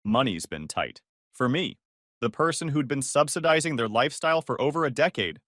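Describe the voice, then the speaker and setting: A man narrating a first-person story in a calm, measured, wry manner. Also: on the high side, no echo, studio quality.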